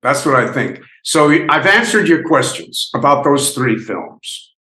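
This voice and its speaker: Slow-talking older man in an echoey room. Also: mid-range voice, lively intonation, pushed and bright. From United States. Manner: rambling, halting storytelling with many restarts. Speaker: actor interviewee. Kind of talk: reminiscing interview.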